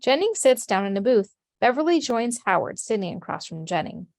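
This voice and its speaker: A woman narrating the stage directions of a script in a steady, matter-of-fact way. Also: a little high, a little fast, dry recording, clean studio sound.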